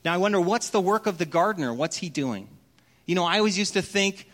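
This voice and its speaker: A middle-aged man preaches like he's chatting with friends, telling family stories from the pulpit. His voice sits a little high for a man. He often drops to a hushed, gentle tone when the story turns tender. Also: expressive, fairly quick. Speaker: pastor. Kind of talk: sermon.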